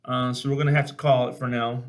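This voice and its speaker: A man hosting a podcast in casual chat, relaxed and halting. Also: medium pitch. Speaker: podcast host.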